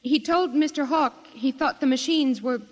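A woman's voice: high voice, normal speed, background noise, natural voice. Woman voicing a secretary witness, 1950s radio drama, eager, earnest. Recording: reverberant old radio recording.

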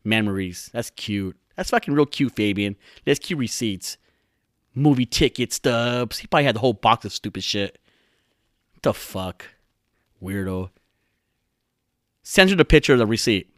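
A man's voice: fairly low pitch, lively intonation, moderate pace, pauses often, a bit bright, no echo, clean studio sound. A young man hosting his own podcast alone, rambling and swearing as he mocks his friends. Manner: profane, rambling, mocking. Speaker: podcast host. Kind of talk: solo podcast rant.

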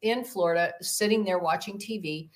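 A woman with a lowish voice speaks at normal speed as a demonologist guest on a podcast. She tells a personal story in a rambling way, full of fillers, and performs the voices of the people she quotes.

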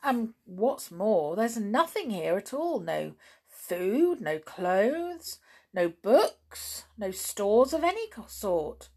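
A cheerful, level-headed boy from a children's adventure storybook, as a woman reads him aloud. He speaks with easy confidence and a lively, rising lilt, unhurried between his bursts. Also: mid-range voice, husky, pitched above the performer's own voice, full character voice.

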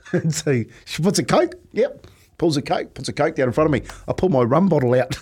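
A man's voice: fairly high pitch, lively intonation, a little fast, a little mellow, slightly rough. A middle-aged man, co-hosting breakfast radio and telling stories with frequent laughs. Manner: chatty storyteller, laughs often. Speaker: radio co-host. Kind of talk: casual breakfast radio banter.

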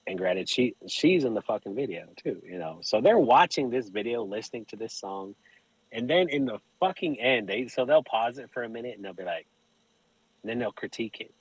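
A man, a podcast guest telling stories in casual chat, animated and profane, laughing often. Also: medium pitch, fairly quick, husky, dry recording, poor audio.

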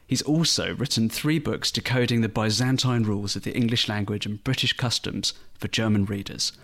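A man's voice: fairly low pitch, normal speed, a bit bright. A man co-hosting a podcast, introducing the guest in a playful, self-deprecating way. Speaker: podcast co-host.

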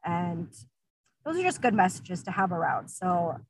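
A woman's voice: on the low side, big pitch swings, a little slow, slight background noise, rough recording. A woman in her twenties talking candidly as a guest, with frequent "like" fillers and laughs between thoughts. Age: 20s. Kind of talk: casual personal storytelling.

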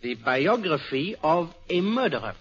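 Hercule Poirot, precise Belgian sleuth. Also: male voice, a little high, big pitch swings, measured pace, a bit bright, breathy edge, soft background music, heavily acted. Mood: inquisitive, polite. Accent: Belgian French. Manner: courteous, precise, sprinkles French words. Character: fussy, polite middle-aged Belgian male detective. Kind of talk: 1940s radio acting. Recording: dull old radio broadcast.

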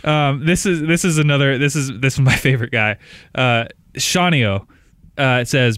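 A man co-hosting a casual soccer podcast, animated and laughing while he mocks online fans. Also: mid-range voice, normal speed, no echo, studio quality. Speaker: podcast co-host. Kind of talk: casual chat.

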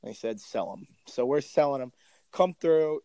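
A man co-hosting a casual podcast with a smooth, resonant voice. He tells loose, jokey stories packed with fillers and restarts. The sound is dry and close. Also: mid-range voice, lively intonation, moderate pace, warm tone, dry recording. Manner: laid-back, jokey storytelling with fillers. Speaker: podcast co-host. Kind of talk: casual chat.

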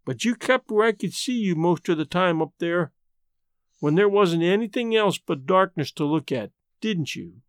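A frail young woman in a storybook reading, soft and faint, as a male narrator reads her lines. The voice sits fairly high and sounds close and dry, with no room around it. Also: animated, moderate pace, smooth, no room sound. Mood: wistful.

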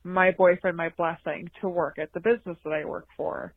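A woman's voice: on the low side, steady tone, brisk. A woman in her twenties calling in to ask for advice, in a recorded voice message. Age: 20s. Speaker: caller. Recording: phone-like lo-fi audio.

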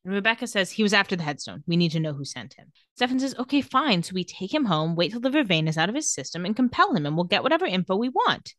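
Lively woman retelling an episode. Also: medium pitch, no room sound, studio quality. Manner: animated retelling, quotes characters in quick voices. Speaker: podcast co-host recapping a TV episode. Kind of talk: casual recap chat.

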